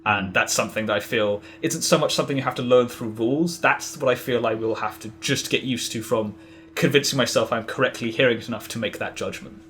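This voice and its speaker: A man's voice: medium pitch, a little fast, a bit bright. A man chatting casually as a podcast guest, rambling with lots of fillers and restarts. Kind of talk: casual interview chat.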